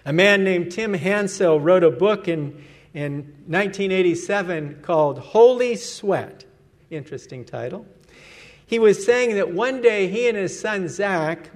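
Slow high-voiced earnest male preacher. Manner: earnest, emphatic, lets his voice fall at phrase ends. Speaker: pastor. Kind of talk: sermon.

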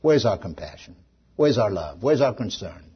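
A man preaching a sermon as pastor, animated, swinging between loud emphasis and hushed questions. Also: on the low side, normal speed, husky, muffled recording.

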